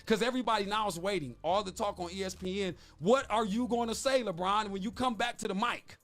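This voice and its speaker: A man's voice: high-pitched, fast, fairly bright tone. A man co-hosting a morning radio talk show, arguing his point with emphatic rhetorical questions. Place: radio studio.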